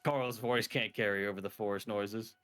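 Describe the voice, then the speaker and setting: A man's voice: lowish voice, fairly even intonation, normal speed, a bit bright, soft background music. A man joking around as a player in a tabletop game. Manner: joking, teasing. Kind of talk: casual tabletop play.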